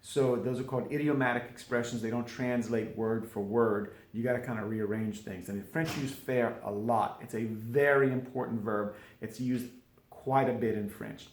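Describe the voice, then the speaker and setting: Male teacher, mid-pitched, unhurried, repetitive drilling; roomy echo. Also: fairly even intonation. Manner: slow, repetitive drilling with asides. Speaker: French teacher. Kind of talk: informal grammar lesson. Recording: echoey room.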